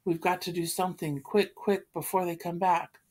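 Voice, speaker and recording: A woman reading the part of a fretful, excitable middle-aged wife who pleads anxiously. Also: on the low side, normal speed, husky. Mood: frantic. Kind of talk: read-aloud play.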